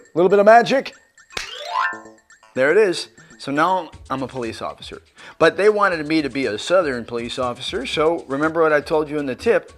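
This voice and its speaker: Male actor, mid-pitched, friendly coaching delivery full of anecdotes, soft music underneath. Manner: chatty, anecdotal, coaching tone with direct tips. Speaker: actor giving career advice. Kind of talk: conversational tips video.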